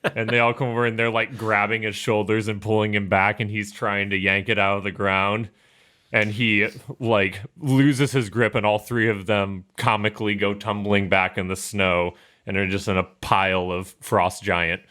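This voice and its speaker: A man narrating a tabletop game as game master, telling the story in an animated, laughing way. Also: fairly low pitch, normal speed.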